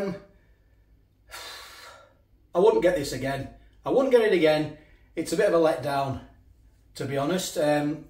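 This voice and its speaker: A man's voice: on the high side, a little mellow. Rambling man reviewing food. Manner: rambling, repeats himself, talks with mouth full. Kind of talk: casual food review vlog. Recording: echoey room.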